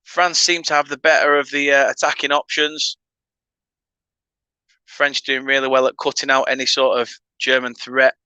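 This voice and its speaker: A man's voice: medium pitch, level tone, moderate pace, bright, forceful tone, clean tone, dry recording. A man with a northern English accent hosting a casual football watchalong, chatting with viewers between play-by-play remarks. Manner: chatty banter with viewers, laughing asides. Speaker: fan channel host.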